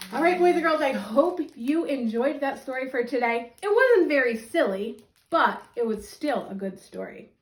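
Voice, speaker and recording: A woman teacher reading a children's story aloud, expressive and animated. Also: high-pitched, a little slow, slight background noise. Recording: roomy echo.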